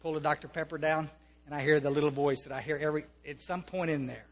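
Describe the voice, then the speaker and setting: An American man speaks earnestly to a recovery meeting, with a fairly high voice. He restarts his sentences often and slips in wry humor. His voice carries a long reverb from a meeting hall. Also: steady tone, quick pace. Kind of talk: personal testimony to an audience.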